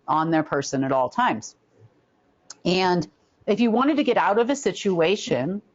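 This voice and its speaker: A woman telling a long, rambling story casually, full of fillers and lively put-on voices. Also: mid-range voice. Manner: rambling, filler-heavy, slips into animated impressions. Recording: dull lo-fi recording.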